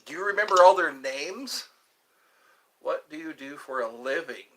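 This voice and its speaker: A man's voice: a little high, expressive, moderate pace, noisy background. A man hosting a rambling live stream from his phone, cracking jokes and answering viewers' questions. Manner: jokey, reads viewer questions aloud and answers them. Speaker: livestream host.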